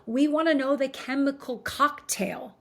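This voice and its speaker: A woman's voice: high voice, unhurried. A woman giving an earnest motivational talk, coaching her listeners and often checking in with "right?". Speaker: motivational speaker.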